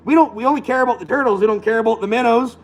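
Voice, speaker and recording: A man's voice: extremely high pitch, rapid-fire, gravelly, poor audio. Combative man ranting. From Alberta, Canada. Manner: combative, blunt, swearing. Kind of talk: profane rant.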